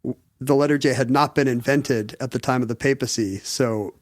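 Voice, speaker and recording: A man's voice: mid-range voice, fairly even intonation, moderate pace, no echo, clean studio sound. A middle-aged man co-hosting a casual podcast, explaining history with wry jokes. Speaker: podcast co-host. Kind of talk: casual chat.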